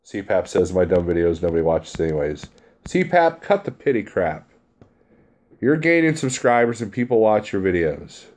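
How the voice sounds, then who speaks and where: A man's voice: sits low, very animated, moderate pace, darkish tone. A man who drives a truck, chatting casually on a live stream and reading out viewer comments in a blunt, chummy way, laughing easily.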